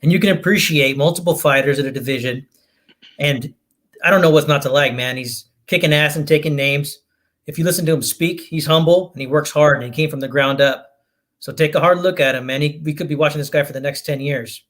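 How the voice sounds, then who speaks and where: A man's voice: on the high side, a little fast, a bit bright. A man on a boxing podcast who speaks earnestly and with enthusiasm. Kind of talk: boxing opinion talk.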